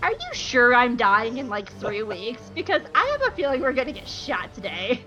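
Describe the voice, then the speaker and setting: A woman's voice: on the high side, very animated, moderate pace, sharp tone, lo-fi sound, soft background music. A woman voicing a blunt, exasperated male warrior monk in a parody retelling. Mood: sardonic.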